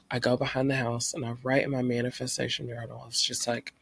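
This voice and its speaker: A man's voice: mid-range voice, quick pace, gravelly, few pauses, breathy edge, dry recording. Young man retelling a personal story. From North Carolina. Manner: animated retelling, acting out his own past thoughts. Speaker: vlogger.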